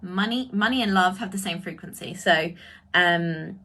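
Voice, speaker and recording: A woman acting as a spiritual coach, talking in a casual livestream and answering viewers' comments, with effusive, drawn-out exclamations. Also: fairly low pitch, bright, forceful tone. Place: indoors, live video stream.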